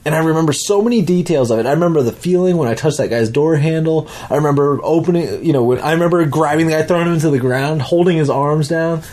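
Quick and fairly high-pitched, with few pauses, a young man who is a dad rambles through a vivid dream. He swears freely and restarts often in this lively, casual story.

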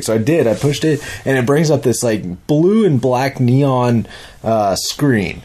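A man in relaxed, casual conversation tells a long story in loose, rambling fashion. He swears easily and lively acts out the voices of the people in it. His pitch sits right in the middle for a man. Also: a little slow. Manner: animated, rambling, profane, acts out quotes.

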